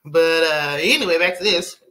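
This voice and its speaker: A woman's voice: low voice, moderate pace, a bit bright, slight background noise. A woman giving a casual, sassy recap of a reality show, chatty with frequent asides. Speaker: TV recap host.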